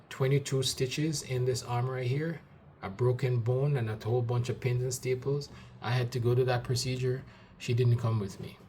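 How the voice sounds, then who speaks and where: A man's voice: medium pitch, a little mellow, slight background noise. Aggrieved middle-aged man telling his story. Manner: aggrieved, repeats himself, quotes his partner. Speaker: vlogger recounting a breakup. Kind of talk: personal storytelling to camera.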